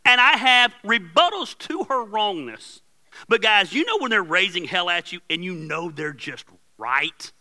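A middle-aged man preaching to his congregation, swinging his voice up and down as he tells a story about himself. His tone is bright and cutting, and his pitch sits a little high. He plays the other people in the story, loud and exaggerated. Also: a little slow, low-quality recording. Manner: animated storytelling, acts out his wife's yelling. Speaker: pastor. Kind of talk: sermon. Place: church sanctuary. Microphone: handheld or headset microphone.

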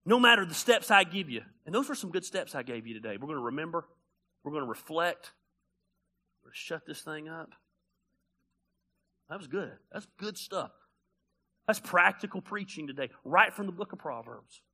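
A male pastor preaching a sermon, animated and conversational, blunt and joking, swinging from loud bursts to quiet asides. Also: fairly high pitch, normal speed, long pauses.

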